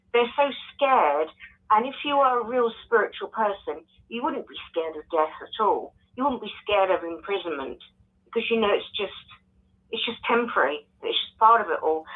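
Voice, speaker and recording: A woman from the UK with a British accent calling in, giving blunt, opinionated comments. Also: mid-range voice. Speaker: caller. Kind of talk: phone-in comment. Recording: tinny phone line.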